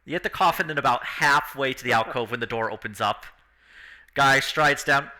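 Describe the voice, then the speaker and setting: A man running a tabletop game as game master, narrating and briefly voicing the people in the scene. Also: medium pitch. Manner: lively, laughing, drops into quick character voices.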